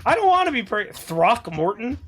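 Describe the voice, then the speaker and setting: A man hosting a live stream and reading an AI story aloud, excitable and swearing, swinging between loud bursts and mutters. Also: very high voice, normal speed, soft background music. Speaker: streamer and game host.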